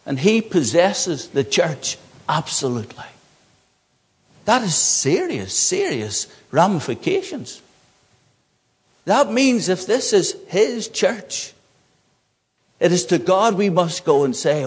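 A man's voice: high-pitched, sing-song, takes it slowly, pauses often, slightly rough, big-room sound. A man preaching a sermon from the pulpit, earnest, rising in emphasis on key points. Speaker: pastor.

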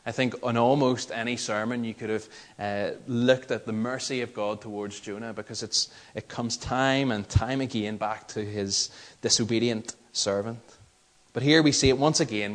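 A man with a Northern Irish accent preaching a sermon, earnest and measured, building his points through emphatic repetition. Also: mid-range voice. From Northern Ireland.

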